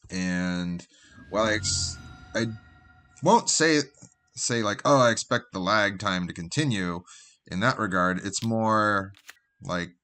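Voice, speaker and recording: A man's voice: on the low side, slow, long pauses, pushed and bright. A man casually commentating his own card game on a live stream, thinking aloud in a loose, rambling way. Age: adult with a job. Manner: rambling, thinks aloud with fillers and trailing asides.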